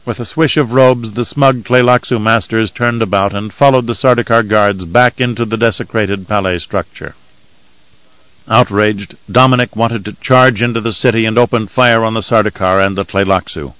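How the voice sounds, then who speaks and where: A man reading an audiobook in measured, even scripted narration. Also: fairly low pitch, no room sound, low-quality recording.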